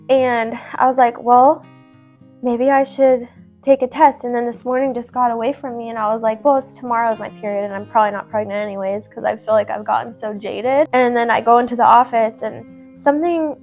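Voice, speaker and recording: A young woman chatting at home, telling her husband a personal story in a lively, casual way. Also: a little high. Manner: chatty, animated, laughs often while telling a story.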